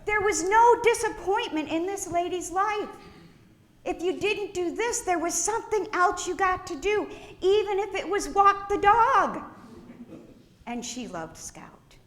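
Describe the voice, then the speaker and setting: A woman pastor giving a funeral eulogy in a church, telling stories with gentle laughs. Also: high voice. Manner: warm storytelling with gentle laughs. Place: church sanctuary. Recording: echoey church room.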